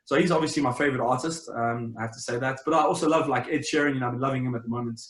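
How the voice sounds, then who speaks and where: A young South African man, a champion swimmer, chats casually as an interview guest, rambling with plenty of fillers and restarts. His mid-range voice is a bit bright and very fast. The recording sounds roomy and echoey.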